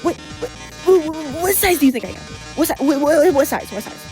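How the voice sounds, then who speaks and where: A woman's voice: lowish voice, huge pitch swings, normal speed, music in the background. A woman voicing an aggressive woman shopper who keeps repeating her demands. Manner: demanding, repeats herself insistently.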